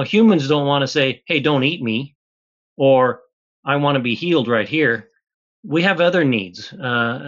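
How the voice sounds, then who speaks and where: A man explaining chemistry to an interviewer at an easy, patient pace, building each point step by step. His voice sits at an ordinary middle pitch. The audio is a little dull and muffled. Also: fairly bright tone. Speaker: guest chemist.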